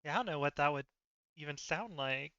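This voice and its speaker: Man, tabletop player, bright sharp voice, dull dry lo-fi sound. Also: a little high, lively intonation, dry recording. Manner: joking, quick to laugh. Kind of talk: casual chat during a tabletop game.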